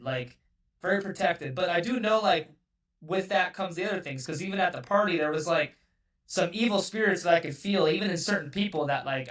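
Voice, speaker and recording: A man's voice: fairly high pitch, a bit bright, distant mic. A man from California telling a story as a podcast guest, loose and rambling, swearing often and filling every gap with "like". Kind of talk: casual storytelling.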